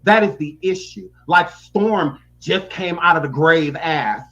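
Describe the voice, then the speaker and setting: A man's voice: on the high side, a little slow, a bit bright, muffled recording. A man giving blunt, sassy and profane reaction commentary. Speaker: YouTube commentator.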